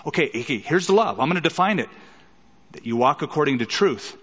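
A man's voice: fairly high pitch, lively intonation, a little fast, a bit bright, slightly rough, big-room sound, lo-fi sound. A middle-aged man preaching a sermon as a pastor, emphatic, with rhetorical questions and dramatic quoted lines.

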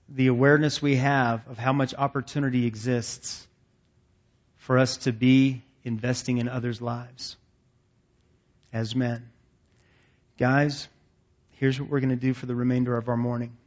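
A man preaching to a men's gathering in a relaxed, folksy tone, joking at his own expense between points. His voice sits at an ordinary middle pitch. The live recording sounds a bit dull and muffled. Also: a little slow, long pauses. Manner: folksy, conversational, self-deprecating preaching. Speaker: men's ministry leader.

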